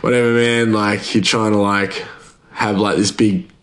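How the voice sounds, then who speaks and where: A man's voice: on the low side, little pitch movement, measured pace, fairly bright tone. A man, chatting casually on his podcast, rambling, laughing often and restarting his sentences. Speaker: podcast host, chef.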